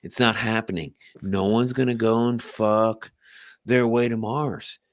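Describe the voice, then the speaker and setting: Speaking unhurriedly in a low register with fairly even intonation, this man co-hosts a casual podcast late at night. He's profane and forceful, returning to the same argument again and again.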